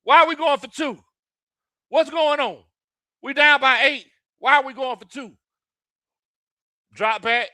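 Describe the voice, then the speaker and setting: A man hosting live watch-party commentary, excitable and often shouting and laughing. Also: very high voice, a little slow, pauses often, no room sound. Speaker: sports livestream host.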